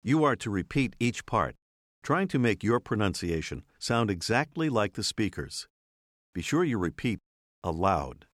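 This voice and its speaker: A man narrates a language lesson in a clear, measured way. His voice sits fairly low but rises and falls a great deal. The recording is dry and close. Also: very animated, no echo. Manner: clear, measured teacher's delivery. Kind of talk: scripted instructional narration.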